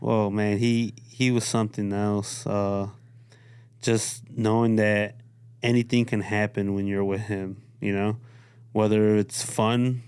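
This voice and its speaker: A man from Chicago hosting a podcast, telling stories in a relaxed, laid-back way with casual swearing. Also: lowish voice, slow, smooth, no room sound. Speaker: podcast host. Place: studio.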